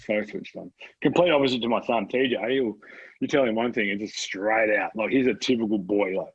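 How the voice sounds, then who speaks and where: A husky Australian man in his thirties chats loosely and swears freely, breaking into laughs as he tells stories about his kids. His voice comes through a dry, slightly muffled close mic. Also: on the low side, brisk, no room sound. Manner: laid-back, swears freely, laughs often. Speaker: podcast guest. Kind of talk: casual chat.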